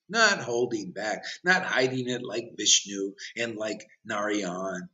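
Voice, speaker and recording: A man's voice: on the low side, expressive, slow, few pauses, bright, forceful tone. A man giving an impassioned, provocative sermon as a spiritual teacher, challenging his listeners directly. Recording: dull lo-fi recording.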